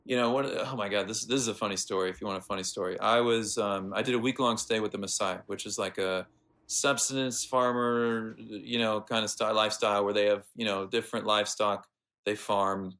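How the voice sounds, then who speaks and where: An American man, a veterinarian guest, telling animated stories in a casual interview with plenty of fillers. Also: fairly low pitch, a little fast. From United States. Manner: animated anecdotes with lots of fillers.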